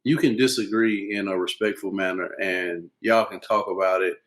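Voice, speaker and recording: A man guest in a casual podcast chat, giving calm, measured advice. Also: low voice, low-quality recording.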